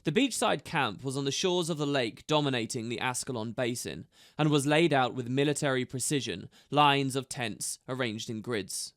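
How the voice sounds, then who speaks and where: A man narrating an audiobook in a steady storytelling manner. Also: medium pitch, normal speed, hardly any pauses, dry recording, clean studio sound.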